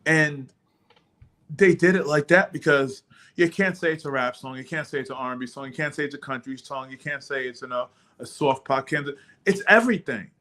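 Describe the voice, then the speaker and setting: Steady, explaining podcast co-host. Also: male voice, mid-range voice, brisk. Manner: steady, explaining, backchannels often. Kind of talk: casual chat.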